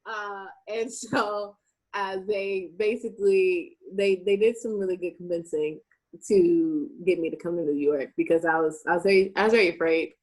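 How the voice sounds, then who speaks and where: Animated young woman telling stories. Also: fairly low pitch, moderate pace. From Shreveport, Louisiana, USA. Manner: animated, plays out conversations in quoted voices. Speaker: guest. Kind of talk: casual storytelling chat.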